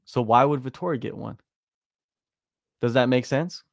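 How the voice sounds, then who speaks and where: A man co-hosting a sports podcast in casual chat, talking in an animated, emphatic way and restarting his sentences. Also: medium pitch, moderate pace, vocal fry, no room sound, studio quality. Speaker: podcast co-host.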